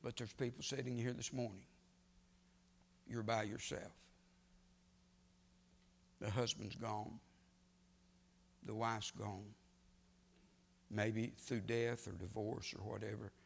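A man preaching a sermon in a church, swinging from quiet storytelling to sudden loud, emphatic rises. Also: on the low side, level tone, slow, creaky, pauses often, breathy edge. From United States. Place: church sanctuary. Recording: long church reverb.

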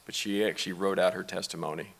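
Deep-voiced, soft-spoken middle-aged man. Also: steady tone. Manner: soft-spoken, halting, with pauses. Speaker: father speaking at a memorial service. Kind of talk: personal eulogy and reading aloud. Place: church sanctuary.

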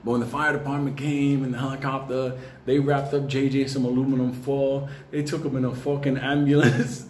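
In an echoey room with faint ambient noise, a man with a mid-range, slightly mellow voice rambles through a personal story. The market commentator keeps it casual and very profane, frequently laughing as he goes.

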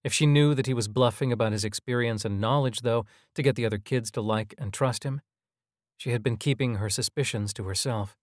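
A man narrating a scripted audio drama in an even, measured storytelling manner. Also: mid-range voice, no room sound, studio quality.

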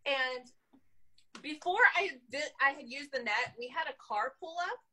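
A woman, an animal control officer, telling a story from her work in an animated, casual way, laughing often. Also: high-pitched, unhurried, low-quality recording.

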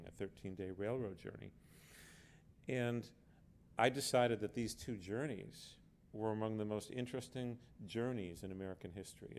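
Low-voiced man giving an earnest talk. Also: darkish tone, a little hiss or hum. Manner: earnest, emphatic, with repeated words. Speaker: author speaking on a panel. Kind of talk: book festival talk. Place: book fair event.

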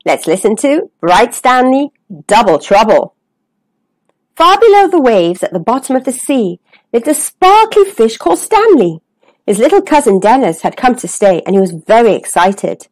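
A woman storyteller reading a children's picture book aloud with an expressive, sing-song delivery. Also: a little high, moderate pace.

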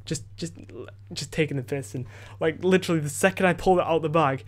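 A teenage boy rambles through a story on his home podcast, speaking quickly in a slightly high voice. He restarts sentences constantly, leans on "like" and "you know", and swears without thinking. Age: teens. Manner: rambling, many fillers and restarts, swears freely. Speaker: podcast host. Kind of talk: casual storytelling. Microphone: desk microphone.

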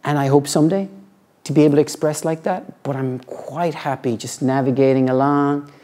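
A middle-aged man, a yoga teacher, talking reflectively and earnestly about his practice, halting often and restarting his sentences. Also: fairly high pitch, fairly even intonation, warm tone. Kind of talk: reflective personal talk.

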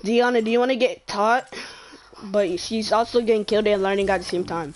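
A woman's voice: medium pitch, fairly quick, noisy background. Woman gaming and teasing ppl on voice chat, laughs a lot, gunshots going off in the background. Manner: teasing, laughs often, talks to other players. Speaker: gamer streaming online matches. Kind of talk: casual chat over game voice chat. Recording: game gunfire and clicks behind the voice.

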